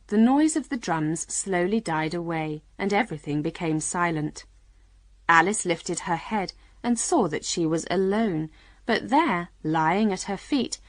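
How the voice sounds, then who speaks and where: A woman narrating a children's storybook audiobook in a clear, measured reading. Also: lowish voice, no echo.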